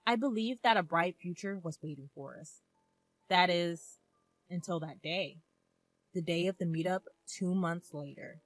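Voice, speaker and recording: A woman in her twenties narrating a first-person story in a calm, reflective manner. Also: lowish voice, measured pace, dry recording. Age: 20s.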